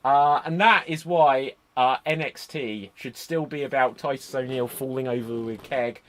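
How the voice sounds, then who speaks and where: Guy hosting a chat, medium voice, rambles off on excited tangents, computer mic on a call. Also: medium pitch, moderate pace, slight background noise. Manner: rambling, goes off on enthusiastic tangents. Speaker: podcast host. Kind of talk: casual chat. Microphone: computer microphone on a remote call.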